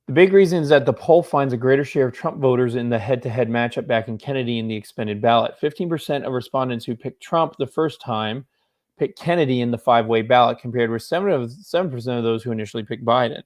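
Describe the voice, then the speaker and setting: A man doing casual political commentary, reading news articles aloud and breaking off with low-key reactions and asides, yawning now and then. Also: fast talker, darkish tone.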